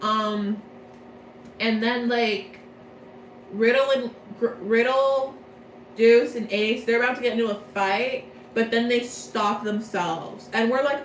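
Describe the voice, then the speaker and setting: Young woman, casual rambling recap, excitable, self-correcting, roomy room, faint background noise. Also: a little high, slow pace. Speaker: video creator. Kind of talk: casual plot recap from memory.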